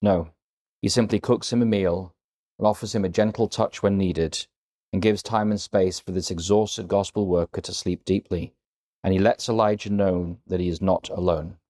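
A male preacher delivering a sermon in a slightly low voice. He speaks earnestly and with emphasis, leaning on key words and shifting the stress as he retells scripture. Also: steady tone, normal speed, mellow. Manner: earnest, emphatic, varies emphasis when quoting.

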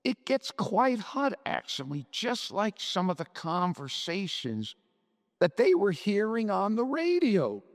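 A man's voice: high voice, huge pitch swings, slow pace, long reverb tail. A man retelling and reading from a short story in a conversational, thoughtful way. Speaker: story discussant.

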